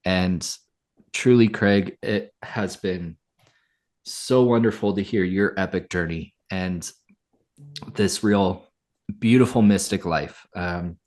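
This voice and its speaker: A man hosting a podcast, speaking in a gentle, affirming way. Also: deep voice, takes it slowly. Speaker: podcast host. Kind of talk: podcast conversation and show manifesto.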